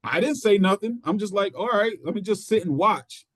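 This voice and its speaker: A middle-aged pro wrestler, appearing as a guest in a casual studio interview, tells a story at a moderate pace and slips into the voices of the people he quotes. His voice is fairly high for a man, and the sound is dry and close with no room around it.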